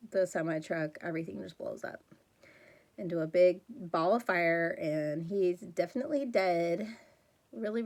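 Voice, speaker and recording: Chatty rambling woman reviewing a movie. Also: medium pitch. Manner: gets heated and exasperated when retelling scenes. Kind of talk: casual chat.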